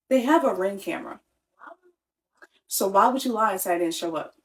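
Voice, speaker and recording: A woman's voice: medium pitch, animated, a little fast, poor audio. A young woman telling a personal story in a casual, exasperated way, restarting her sentences and saying "like" often. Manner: exasperated, talks in restarts with lots of "like".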